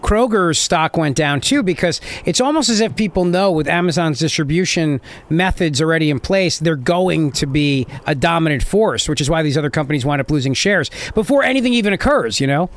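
A man's voice: fairly high pitch, animated, fairly quick, hardly any pauses. A man hosting a call-in talk radio show, sarcastic and mocking as he takes calls. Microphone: studio mic.

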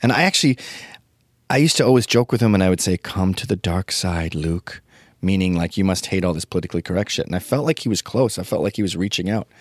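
A man's voice: sits low, expressive, rapid-fire, no echo, clean studio sound. A man in his fifties ranting in a casual comedy monologue, profane and opinionated. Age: 50s.

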